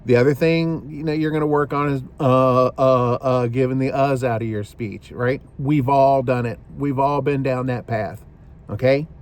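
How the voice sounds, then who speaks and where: A man's voice: mid-range voice, moderate pace, a little mellow. A man hosting a shaving video, talking casually to the camera in a rambling way, often repeating himself and saying "you know".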